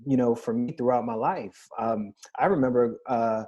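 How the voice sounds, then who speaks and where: A man's voice: mid-range voice, normal speed, warm tone, muffled recording. A man in his thirties on a podcast panel, earnestly recounting personal stories in a candid discussion.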